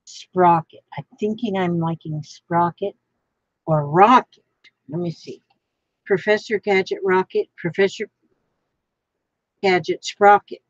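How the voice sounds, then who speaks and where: A woman's voice: lowish voice, takes it slowly, pauses often, dry recording, dull audio. A woman vlogging while she crafts, thinking aloud in a rambling way, trying out names and chatting to the piece she is making.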